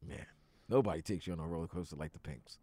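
A man's voice: deep voice, fast, husky, dry recording, clean studio sound. A man who produces and co-hosts a sports radio show, chatting casually and getting worked up about his teams. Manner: enthusiastic, excitable fan.

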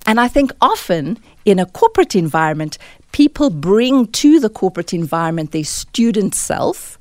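A woman from South Africa, a dialect coach, explaining clearly and instructively as a guest in a radio studio interview. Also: mid-range voice, sing-song, moderate pace, darkish tone, no room sound.

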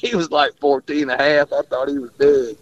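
A man's voice: a little high, flat delivery, fairly quick. A man, a fishing guide rambling through stories in casual radio chat and laughing often. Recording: dull lo-fi radio audio.

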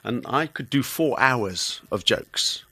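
A South African man in his fifties from Cape Town, an animated storyteller telling tales in a radio studio interview. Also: mid-range voice, slow, husky, no echo. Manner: animated storyteller, slips into accents. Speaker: comedian guest. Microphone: studio microphone.

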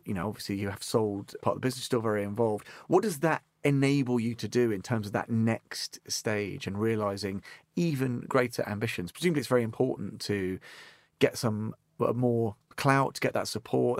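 A man's voice: mid-range voice, no room sound, clean studio sound. A man hosting a business interview show, reading a polished, pun-filled introduction and then asking long, rambling questions. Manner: polished, upbeat presenter with food puns. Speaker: podcast host.

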